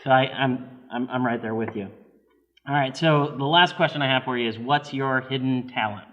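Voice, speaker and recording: A man hosting a casual party game show, upbeat and quick to laugh, with a habit of repeating himself. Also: medium pitch, highs cut off. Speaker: host of a church party show. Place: church hall. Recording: long hall reverb, faint noise.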